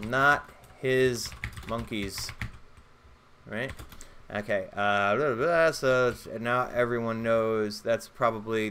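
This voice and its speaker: A man's voice: fairly low pitch, fairly bright tone, slight background noise. A man playing a solo tabletop role-playing game, rambling, joking and swearing as he goes. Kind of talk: casual solo play commentary.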